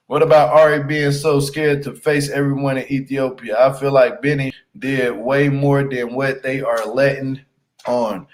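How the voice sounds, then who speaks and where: A man's voice: medium pitch, fairly even intonation, measured pace, rough recording. A man giving casual, slangy recap commentary on a reality show, teasing and laughing as he talks. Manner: repeats "you hear me" for emphasis.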